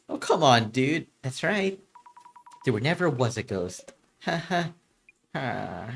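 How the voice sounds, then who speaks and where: A streamer reading a mystery game's dialogue aloud on a live stream in shifting, animated voices. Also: mid-range voice, takes it slowly, gravelly, pauses often, slight background noise.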